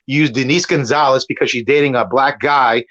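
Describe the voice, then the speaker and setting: A man's voice: medium pitch, fairly even intonation, brisk, a bit bright. Heated, profane man on muffled audio. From Puerto Rico. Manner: profane, rambling, talks over others. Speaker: guest debater on a stream. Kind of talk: heated argument.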